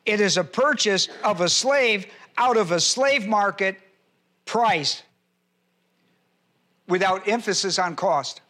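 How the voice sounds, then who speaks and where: A man preaching a sermon, citing scripture references and slowly repeating key phrases for emphasis. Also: sits high, sharp tone. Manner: spells out words and cites scripture references in a teaching tone. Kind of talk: sermon teaching.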